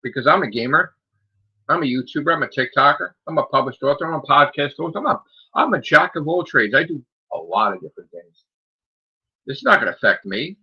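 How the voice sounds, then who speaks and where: Male podcast host, husky and bright-toned, defiant, sarcastic ranter, lively pitch, lo-fi mic. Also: fairly quick. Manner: defiant, sarcastic, repetitive rhetorical questions. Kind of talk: solo rant on a gaming podcast.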